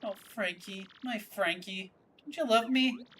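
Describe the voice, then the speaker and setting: A woman voicing a lovestruck young female creature in a video game, pleading in a high, melodramatic way. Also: a little slow, a bit bright, husky.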